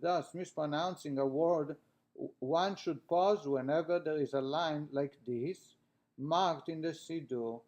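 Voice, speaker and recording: A man's voice: a little high, measured pace, a little mellow. A man teaching a class, reading a text aloud and then explaining it in plain words with frequent restarts.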